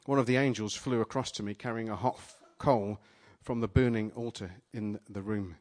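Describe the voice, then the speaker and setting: A man's voice: on the low side, normal speed. Dramatic storytelling male preacher. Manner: dramatic, storytelling, turns playful and energetic with volunteers. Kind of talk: sermon told as a first-person retelling. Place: church gathering with a live audience.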